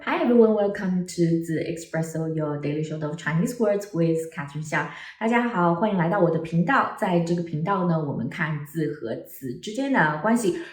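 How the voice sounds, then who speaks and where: Woman language teacher, lower voice, very animated pitch, echoey room, distant mic. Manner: animated, exaggerated tone demonstrations. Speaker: Mandarin teacher. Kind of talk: online language lesson.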